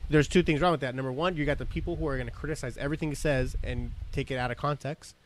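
A man's voice: mid-range voice, steady tone, fast, slight background noise. A man hosting a casual podcast, rambling and swearing, often laughing as he talks. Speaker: podcast host.

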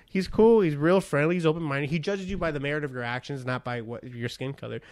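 A man's voice: on the high side, fast talker, a little mellow, no echo. Man host, casual profane storyteller, clean dry close sound. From Mexican-American. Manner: loose, profane storytelling with repeated restarts. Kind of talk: casual chat.

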